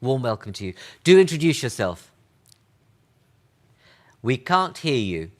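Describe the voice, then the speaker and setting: A man moderating an online panel, brisk and prompting his guests with pointed questions. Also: medium pitch, very animated. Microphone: video call.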